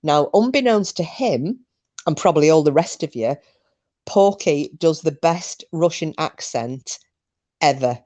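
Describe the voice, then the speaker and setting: A woman's voice: deep voice, animated, measured pace, a little mellow. A woman hosting a podcast, telling a story in a chatty, rambling way with frequent ums. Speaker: podcast host. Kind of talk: casual chat.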